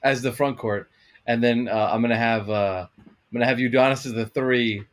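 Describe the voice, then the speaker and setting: A man's voice: medium pitch, fairly even intonation, normal speed. A man co-hosting a casual sports podcast, hesitant and stammering, often laughing at himself. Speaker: podcast co-host.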